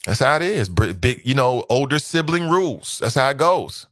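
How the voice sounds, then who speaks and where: A man's voice: medium pitch, moderate pace, slight background noise. A man in his thirties hosting a talk radio show, reading listener comments aloud and reacting with laughter and opinions. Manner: animated, laughing, mocks voices.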